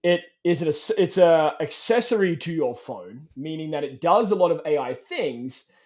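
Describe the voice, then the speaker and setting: A man's voice: fairly high pitch, expressive, normal speed, a little mellow. A man hosting a tech podcast, chatting casually and agreeing often. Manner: agreeable, lots of "yeah". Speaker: podcast host.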